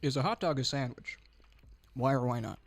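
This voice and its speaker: A man's voice: medium pitch, normal speed. Man talking through burning hot wings. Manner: strained, breathless from spicy food. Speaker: youth group co-host. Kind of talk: casual hot wing challenge chat.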